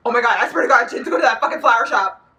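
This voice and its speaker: A woman doing a reaction vlog, excitable and quick to shriek, swearing freely and rambling with lots of fillers. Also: fairly high pitch, low-quality recording. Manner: rambling, filler-heavy storytelling. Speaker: YouTube reaction vlogger. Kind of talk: reaction commentary.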